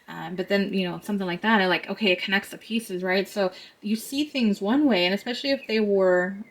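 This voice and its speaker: A woman talking gently to her viewers as she reads cards, her voice soft and tender. She is sometimes close to tears and laughs at herself. Her pitch sits in the middle for a woman. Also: poor audio. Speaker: tarot reader. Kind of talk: intuitive card reading to camera.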